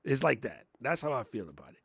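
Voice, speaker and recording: A man hosting a casual livestream class on thumbnails, telling stories in slangy, animated talk and laughing often. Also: mid-range voice, quick pace, vocal fry, slightly rough, no room sound. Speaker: host and content coach. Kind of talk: casual livestream teaching chat.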